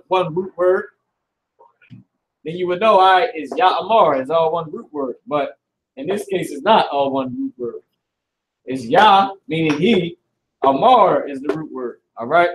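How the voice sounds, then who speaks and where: A man with a notably high voice leads a live class from the front of an indoor classroom. He talks in a loose, slangy way, swears freely and circles back over his words. A faint hiss sits under the speech. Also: a little slow, pauses often, a bit bright, rough recording. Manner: loose, slangy, profane, repeats himself. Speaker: Hebrew class instructor.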